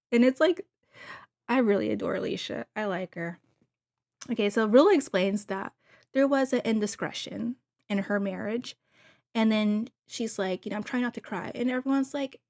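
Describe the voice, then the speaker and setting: A woman's voice: medium pitch, normal speed, a little mellow. A woman hosting a casual gossip recap of a reality show, chatting to viewers with gushing asides. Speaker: TV recap host.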